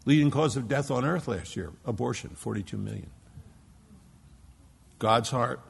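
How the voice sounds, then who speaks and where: A man from Philadelphia preaching a sermon as pastor, emphatic, dropping to a hush and rising to loud stresses. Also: medium pitch, lively intonation, normal speed, gravelly, long pauses, slightly rough. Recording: long hall reverb.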